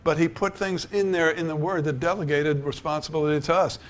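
An older man preaches a sermon, telling stories that build up to emphatic declarations. His voice is on the high side, brisk, with a steady tone.

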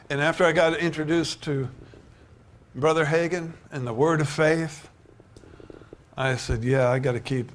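An older man preaching a sermon, telling stories and building to emphatic declarations. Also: fairly high pitch. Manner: storytelling, rising to emphatic preaching.

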